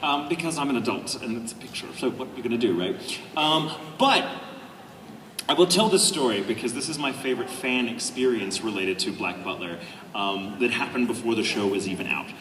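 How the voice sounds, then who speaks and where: A man, a voice actor on a convention panel, telling a casual story to a live audience, animated and laughing often. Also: mid-range voice, a little fast. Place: large convention hall. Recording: echoey hall, distant noisy mic.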